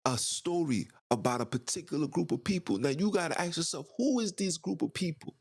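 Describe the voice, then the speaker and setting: A man's voice: fairly high pitch, expressive, a little fast, breathy edge. Male host, impassioned solo rant with a widely swinging delivery. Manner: ranting, emphatic, rhetorical questions. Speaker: podcast host. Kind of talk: impassioned monologue.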